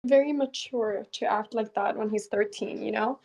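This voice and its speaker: A woman's voice: mid-range voice, moderate pace, creaky, darkish tone, rough recording. A young woman chatting casually to her viewers on a live stream, laughing often and thanking them. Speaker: chess streamer.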